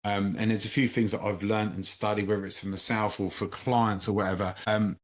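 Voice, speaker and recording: Low-voiced male podcast host. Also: level tone, brisk. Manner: blunt, direct, reflective. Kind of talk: conversational interview.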